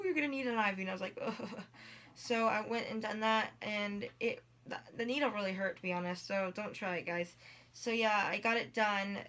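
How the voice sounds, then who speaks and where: Sharp in tone and medium in pitch, this teenage girl vlogs casually, telling a lengthy personal story despite being in pain. Her delivery wanders, thick with "like" and "um," and she acts out what others said.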